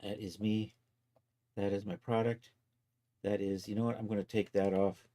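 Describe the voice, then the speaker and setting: A man livestreaming his 3D art work in a casual, chatty way, talking to viewers and to his software as he goes and chuckling often. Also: on the low side, level tone, normal speed. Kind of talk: casual live-stream commentary.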